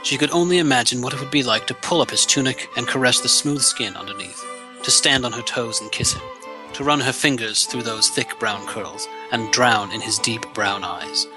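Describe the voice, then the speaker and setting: A man's voice: mid-range voice, music in the background. Man narrating a story, vaguely European accent. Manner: measured storytelling. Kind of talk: fan reading of narration.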